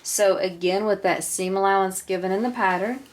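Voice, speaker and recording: A woman of middling pitch guides viewers through a sewing project. She talks calmly and patiently, one step at a time, like an instructor working at her own table. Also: moderate pace, slight background noise. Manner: calm, patient, walks through each step.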